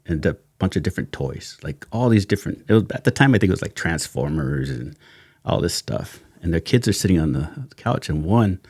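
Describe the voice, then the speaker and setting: A retired sheriff's detective, now a middle-aged podcast guest, recounts an old case in a low, gravelly voice at a fairly quick clip. His casual, slangy retelling is full of laughter, and he acts out every line he quotes. The studio recording is dry and close, with no room sound behind it.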